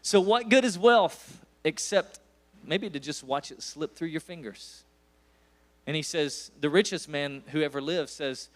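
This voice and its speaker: With an unhurried delivery and a voice on the high side, a visiting preacher in his forties speaks in an East Tennessee accent. His sermon is folksy storytelling that rises to emphatic bursts.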